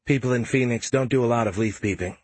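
A man's voice: mid-range voice, quick pace, darkish tone, husky, close to an everyday voice. A man reading the part of a tough, frank young woman soldier in an audiobook, with little change from his own voice. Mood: dry. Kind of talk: audiobook character voice.

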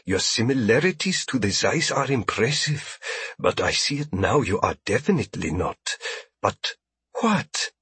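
A man's voice: medium pitch, sing-song, measured pace, a bit bright, breathy edge, no echo, exaggerated voice. A man voicing an obsequious little alien trader in an audiobook, fawning and effusive, often repeating his words. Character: obsequious small alien trader, fussy male.

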